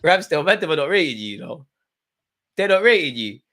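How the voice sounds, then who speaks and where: A young man gives live reaction commentary on a football match. His voice sits a bit high for a man. He drops to anxious mumbles, then bursts out in loud appeals at the referee. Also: brisk. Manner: animated, swings from muttering to shouting at the ref. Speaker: football watchalong streamer.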